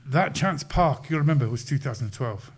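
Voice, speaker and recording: Man, podcast guest, animated storyteller, mid-pitched voice. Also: moderate pace, slight background noise. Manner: animated, with quoted voices and laughs. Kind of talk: casual storytelling.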